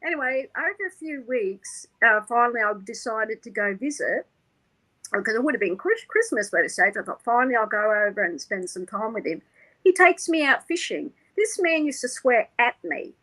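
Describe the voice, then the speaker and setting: High bright woman telling her story. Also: moderate pace, rough recording. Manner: animated, acts out quoted voices, laughs often. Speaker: interview guest. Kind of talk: emotional personal storytelling.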